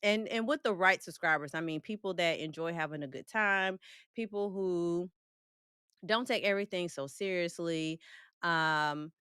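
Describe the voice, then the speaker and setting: A woman's voice: on the low side, normal speed, a bit bright, smooth, no echo, clean studio sound. A woman hosting a casual livestream, greeting and answering her chat in a playful, joking way with frequent laughs and slang. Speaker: livestream host reading chat.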